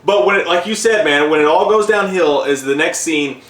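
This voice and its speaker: A man's voice: a little high, normal speed, fairly bright tone. A man casually retelling a movie's plot, swearing freely and laughing along. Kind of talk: casual movie review chat. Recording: echoey room.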